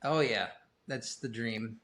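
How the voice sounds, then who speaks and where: A man's voice: mid-range voice, slow pace, a bit bright. A middle-aged man talking as a guest on a podcast, rambling and self-deprecating, swearing casually. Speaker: guest musician.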